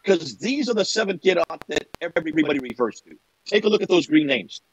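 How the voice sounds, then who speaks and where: An older man giving an animated lecture-style talk, emphatic and repeating phrases for effect. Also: fairly high pitch, fairly quick, slightly rough, dull audio. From United States. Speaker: guest speaker.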